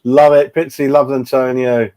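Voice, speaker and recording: A medium-pitched, dark-toned man in his 40s talks at normal speed with a flat delivery while hosting his football fan channel's casual live stream. Chatty throughout, he reads the chat aloud and calls everyone mate.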